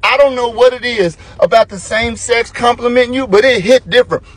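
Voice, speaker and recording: A man's voice: very high voice, brisk, few pauses. A man telling a story in a casual, joking and self-mocking way in a vlog clip. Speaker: vlogger in a played clip.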